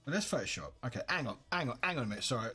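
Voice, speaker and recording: A man's voice: medium pitch, very animated, rapid-fire, pushed and bright, husky, faint music behind. A young man from the UK, live-streaming from home, chatting in a rambling, self-correcting way. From United Kingdom. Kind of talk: casual livestream chat.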